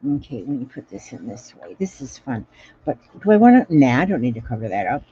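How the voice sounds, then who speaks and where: A woman's voice: deep voice, big pitch swings, a little fast, warm tone, dull audio, slight background noise. Chatty woman crafting. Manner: chatty, repeats phrases to herself while working. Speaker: craft vlogger reading live comments. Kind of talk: casual crafting livestream chat.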